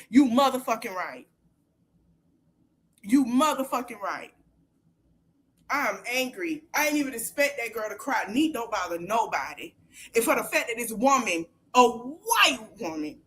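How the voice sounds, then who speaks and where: Shouting at times and repeating phrases for emphasis, a woman who hosts a podcast rants angrily on a livestream, swearing freely. Her pitch is a touch high.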